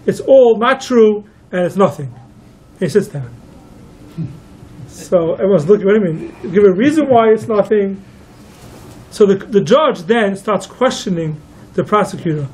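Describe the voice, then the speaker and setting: A man's voice: high-pitched, lively intonation, unhurried, pauses often, darkish tone, husky, poor audio. A man, a rabbi, telling a long story to listeners and quoting each figure in turn. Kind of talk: storytelling talk.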